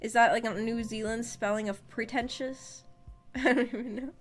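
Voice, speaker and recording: A woman's voice: fairly high pitch, fairly even intonation, moderate pace, soft background music. A woman streaming a casual book discussion, chatty and often giggling as she reads chat aloud.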